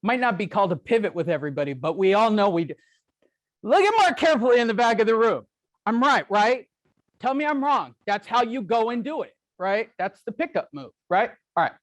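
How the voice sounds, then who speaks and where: A man's voice: high-pitched, expressive, a little fast, no room sound. A middle-aged man giving a live seminar talk to a room, brash, joking and self-deprecating. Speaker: real estate speaker. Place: meeting room with audience.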